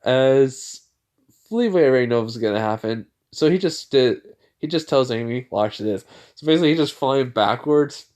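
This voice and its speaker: A man's voice: medium pitch, moderate pace, a little mellow. A man casually retelling a fan story in a rambling way, full of filler words.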